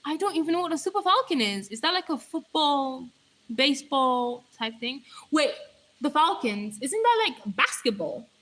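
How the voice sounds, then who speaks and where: A talkative young woman from Nigeria on a live stream, her bright, high voice swinging lively up and down. She rambles in a hyper, casual way and reads viewer comments aloud. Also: normal speed, low-quality recording.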